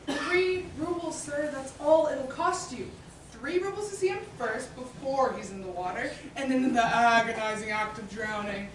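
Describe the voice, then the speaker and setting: A woman's voice: high voice, expressive, normal speed, a little hiss or hum. A woman playing a brash street performer who hustles passersby on stage, with a sly, wheedling sales patter. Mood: salesy. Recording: echoey hall from far off.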